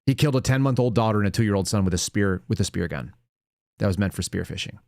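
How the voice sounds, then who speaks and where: A man's voice: on the low side, fast talker, a little mellow, dry recording, studio quality. A man hosting a live commentary show, talking in a blunt, indignant, rambling way. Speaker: show host.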